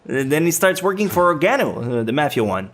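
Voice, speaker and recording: A man narrating an anime top-ten countdown, his pitch swinging in a lively, animated way. He reads scripted commentary but breaks off into joking asides and stumbling self-corrections. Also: fairly quick. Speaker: anime video host.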